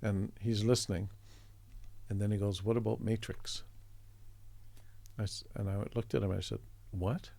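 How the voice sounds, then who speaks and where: A middle-aged man from Canada, an artist guest telling a story in a chatty, relaxed way, acting out the voices of the people in it. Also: lowish voice, brisk, vocal fry. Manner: chatty, acts out quoted voices, chuckles often.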